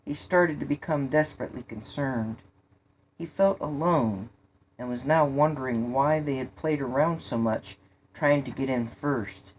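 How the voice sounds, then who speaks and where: Low-voiced woman reading slowly. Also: darkish tone, husky. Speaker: reader. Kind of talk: storybook reading.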